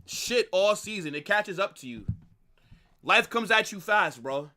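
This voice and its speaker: Animated, bright-voiced young man ranting. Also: high voice, a little slow. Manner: frustrated, ranting, repetitive. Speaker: watch-along host. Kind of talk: live football watch-along reaction.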